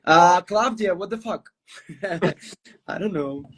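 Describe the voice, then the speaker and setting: A man with a somewhat high voice co-hosts a casual livestream call. He talks eagerly, echoing words and agreeing often. The sound comes through a phone mic. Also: slow, husky. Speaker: co-host. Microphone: phone on a video call.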